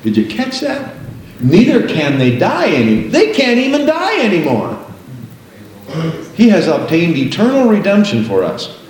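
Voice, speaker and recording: An older man preaching a sermon, breaking into drawn-out, half-sung prayers and praises between his teaching. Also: high-pitched, wildly swooping pitch, a little mellow, heavy reverb, rough recording.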